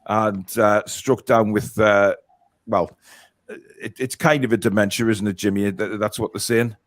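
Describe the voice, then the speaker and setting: A man's voice: on the low side, steady tone, unhurried, no room sound. A man hosting a casual live stream, reading viewer comments aloud with lots of fillers. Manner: chatty, reads viewer comments, many fillers. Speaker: host.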